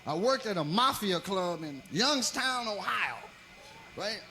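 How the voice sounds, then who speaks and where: A male comedian spins a profane stand-up story in a high, gravelly voice. His pitch leaps around as he swings between loud and hushed, with noise behind him on an old recording. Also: lively intonation, a little slow.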